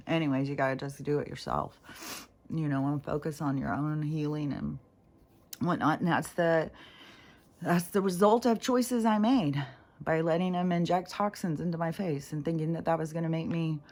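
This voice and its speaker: A woman with a runny nose talking in a casual, rambling vlog monologue, self-reflective and full of fillers. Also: sits low. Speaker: spiritual vlogger.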